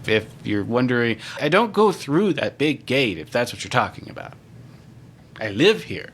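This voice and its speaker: A man's voice: medium pitch, big pitch swings, normal speed, fairly bright tone, slight background noise. A man voicing a reclusive, evasive furry creature who gives short, suspicious answers.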